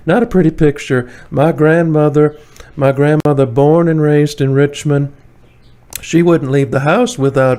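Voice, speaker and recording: A man's voice: medium pitch, darkish tone. A man with a Tidewater Virginia accent, rambling in a casual, opinionated vlog monologue, full of fillers and chuckles, recorded indoors. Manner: chatty, rambling, many fillers, chuckles often. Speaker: vlogger. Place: indoors, warm room.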